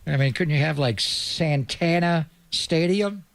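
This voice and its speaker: A man co-hosting a sports radio show in casual chat, firing off quick questions and joking asides. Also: a little high, gravelly, dry recording.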